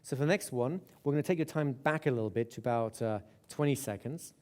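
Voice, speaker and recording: A man's voice: mid-range voice, quick pace, a little mellow. A man teaching a live hypnosis seminar in a conversational way, often checking in with "right?" and restarting phrases. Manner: restarts and repeats words. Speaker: hypnosis instructor.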